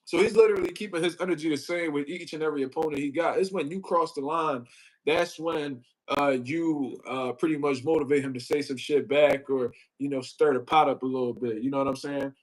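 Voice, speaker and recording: A man's voice: a little high, steady tone, a little fast, poor audio. A man hosting a casual boxing livestream, rambling in profane slang, filling gaps with "you know what I mean" and greeting chat viewers. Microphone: desk mic he moves closer.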